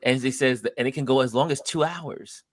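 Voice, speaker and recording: With a mid-range voice that goes a little fast, this live stream host chats casually. He's an animated storyteller who performs the other characters' lines in his stories.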